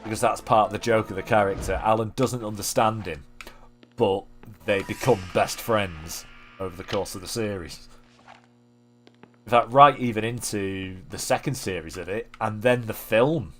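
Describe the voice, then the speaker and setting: A man streaming a video game, chatting casually to his viewers, swearing, joking at his own expense and thinking out loud. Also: on the low side, normal speed, soft background music. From Manchester area, England. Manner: self-deprecating, swears freely, thinks aloud. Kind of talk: casual rambling commentary while gaming.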